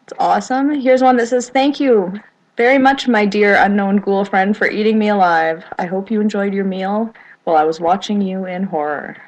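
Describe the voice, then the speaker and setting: A woman's voice: mid-range voice, moderate pace, poor audio. A woman hosting a podcast, upbeat as she reads out listener notes. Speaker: podcast host. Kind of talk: casual chat.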